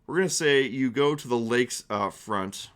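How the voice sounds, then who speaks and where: A man's voice: medium pitch, moderate pace, fairly bright tone. Rambling man running a tabletop game. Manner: rambling and playful, with many restarts and fillers. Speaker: streamer and game master. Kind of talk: narrating a tabletop game on stream.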